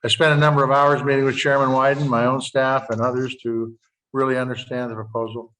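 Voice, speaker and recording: A man's voice: mid-range voice, little pitch movement, a little fast, fairly bright tone, recorded from a distance, rough recording. An older man, a senator from Montana, speaking in an earnest, folksy, plain-spoken way on a video call.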